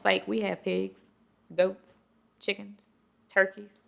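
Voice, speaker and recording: A woman hosting a casual chat show, talking in an animated, chatty and playful way. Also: mid-range voice, brisk, creaky. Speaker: host.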